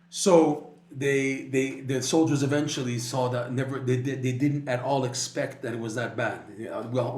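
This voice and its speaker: Animated male Torah teacher, echoey room. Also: mid-range voice. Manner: animated storytelling with many restarts. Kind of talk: spoken Torah class.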